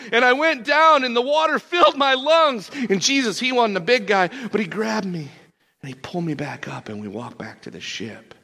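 A man playing the apostle Peter as an excitable, laid-back fisherman, telling his stories in slangy first person with lots of stammered restarts. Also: medium pitch, gravelly, husky, full character voice. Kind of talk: first-person character monologue.

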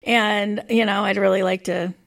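A woman's voice: mid-range voice, steady tone, moderate pace, gravelly, a bit bright. A woman co-hosting a faith podcast, prompting her partner with questions and reacting to his stories. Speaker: podcast co-host. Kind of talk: casual faith discussion.

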